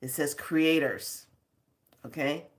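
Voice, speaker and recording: A woman's voice: sits low, slow pace. A woman hosting a spiritual video channel, scolding her viewers in casual talk, rambling off on tangents and laughing between stories.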